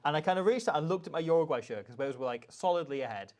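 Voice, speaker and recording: A man with a fairly high voice co-hosting a live reaction stream. He chats casually and rambles, losing his thread now and then. He reads viewer comments aloud between his own stories. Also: animated, very fast, darkish tone. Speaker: co-host of a rugby channel.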